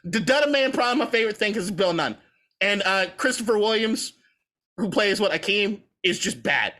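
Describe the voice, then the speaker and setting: A man's voice: high voice, animated, brisk, sharp tone. A man co-hosting a podcast, rambling through profane, opinionated movie talk in a casual debate. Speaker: podcast co-host.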